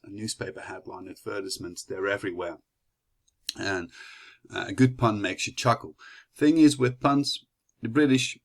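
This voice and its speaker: A young man from the Netherlands with a Dutch accent, giving a chatty class presentation full of fillers and restarts. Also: on the low side. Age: young adult. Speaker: student presenter.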